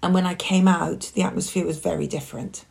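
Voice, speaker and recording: A woman speaks as a podcast guest, her voice low and edged with gravel. She tells her own story openly, taking her time to reflect. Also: fairly even intonation, a little fast, a little mellow. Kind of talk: personal conversation.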